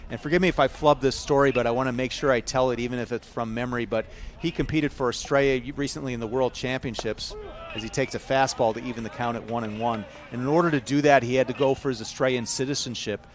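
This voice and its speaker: A man's voice: medium pitch, steady tone, fast. Chicago-accented baseball play-by-play man. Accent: Chicago American. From Chicago, United States. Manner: chatty, self-correcting, rising to shouts on big hits. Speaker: baseball commentator. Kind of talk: live play-by-play commentary.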